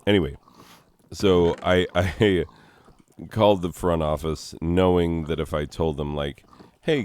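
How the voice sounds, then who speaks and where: A man's voice: low-pitched, darkish tone, clear, resonant tone, no echo, clean studio sound. A man, a teacher, musing reflectively in a casual monologue while struggling with grief. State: emotional, grieving.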